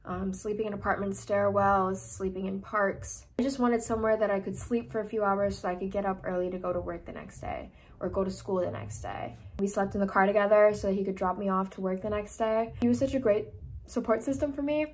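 A woman's voice: medium pitch, fairly even intonation, a little fast. A young woman in her twenties speaking earnestly in a personal vlog, sharing a hard story and sometimes close to tears. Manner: earnest, emotional, tearful at times. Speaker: vlogger. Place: indoors, seated.

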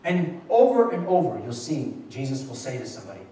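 A man's voice: a little high, sing-song, brisk, warm tone. Man preaching in an echoey hall. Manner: conversational and repetitive, with frequent restarts. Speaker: pastor. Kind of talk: sermon. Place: church hall at a midweek Bible study. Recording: echoey church room, mic far off.

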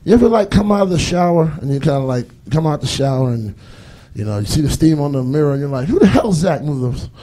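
A man's voice: fairly high pitch, expressive, fast, warm tone. A man doing a loose, rambling stand-up comedy set on stage, acting out voices as he goes. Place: comedy stage before a live audience.

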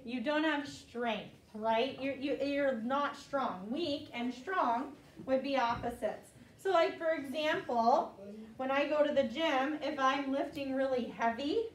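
A woman's voice: high-pitched, takes it slowly. A woman teaching children a vocabulary lesson, patiently drilling each word in call-and-response and repeating it often. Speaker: elementary school teacher. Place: classroom with children. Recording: echoey room, voice from far off.

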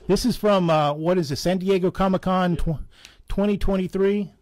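A man's voice: high voice, moderate pace, a little mellow. A man with a Southern accent running a live comic shop sale, chatty and joking as he prices items. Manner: chatty, chuckling, jokey asides. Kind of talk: casual live sale patter.

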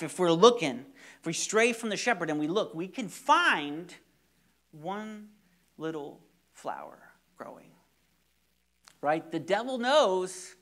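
A man's voice: a little high, fairly bright tone. A young man preaching a sermon, telling stories animatedly with repeated words and sudden drops to near-whispers. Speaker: pastor.

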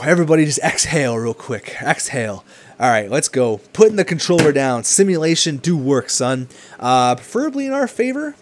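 Young male gamer, slightly high voice, hyped and cursing at the screen, loose casual commentary. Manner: excitable, swings from hype to frustrated swearing. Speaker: gaming commentator.

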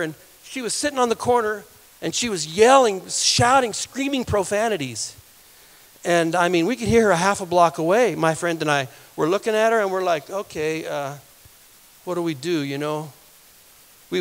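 Telling a story as a sermon, a guest speaker with a high, gravelly voice rambles and repeats words, laughing and becoming more animated as he goes. A long church-hall reverb trails his voice.

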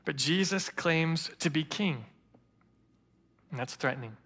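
A male pastor preaches with a bright, forceful, slightly high voice, his words carrying a long reverb through the church. He tells stories earnestly and warmly builds his point, pressing each line home. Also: measured pace, slightly rough. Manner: earnest storytelling preacher, quotes others in lively voices. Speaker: interim lead pastor. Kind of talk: sermon. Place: church sanctuary.

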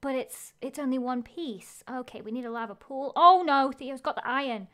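High-voiced excitable woman streamer. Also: normal speed. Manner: excitable, narrates her own play aloud. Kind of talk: live game-stream chatter.

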